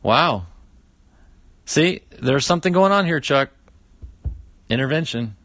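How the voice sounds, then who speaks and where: A man's voice: on the high side, expressive, slow, fairly bright tone. A middle-aged man hosting a casual livestream, opening fan mail, chatty and exclaiming often.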